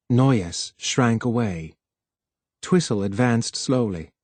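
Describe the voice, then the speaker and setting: At a measured, even pace, a male audiobook narrator delivers scripted narration from a novel in a mid-pitched voice. The audio is close and dry, without any echo or room sound.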